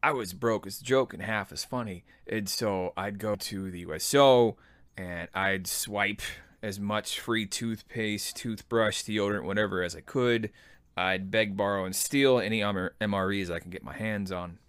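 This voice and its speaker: A man's voice: on the low side, moderate pace, a bit bright, clean tone, dry recording. A man in his thirties telling personal army stories in a laid-back, self-deprecating, rambling way. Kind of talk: personal storytelling.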